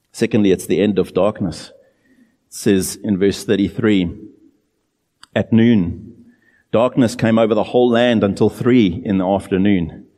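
A man preaching a sermon in an earnest, emphatic way, drawing out key phrases slowly. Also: fairly low pitch, dark tone, long reverb tail.

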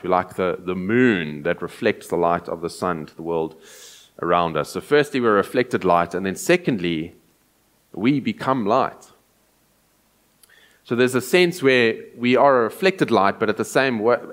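A man preaching a sermon, earnest, repeating key phrases for emphasis. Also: on the low side.

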